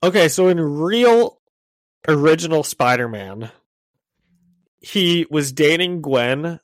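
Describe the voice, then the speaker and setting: A man's voice: on the high side, lively intonation, slow pace, dry recording. Upbeat man recapping a comic. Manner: upbeat, laughs often, recaps the story. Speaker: podcast co-host. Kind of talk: casual chat.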